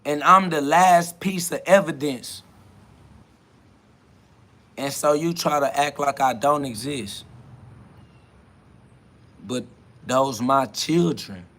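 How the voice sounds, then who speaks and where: A man with a high, bright voice hosts his own podcast in a freewheeling spiritual monologue. He rambles in a conversational way, keeps saying "you feel me," and laughs often. His voice swings between loud bursts and hushed stretches. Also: slow pace, pauses often. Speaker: podcast host.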